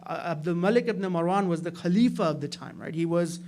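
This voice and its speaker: High-voiced man telling a sermon story. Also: quick pace, slight background noise. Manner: storytelling with frequent "right?" asides, rising loud in dramatic moments. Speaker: speaker at a religious gathering. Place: community hall.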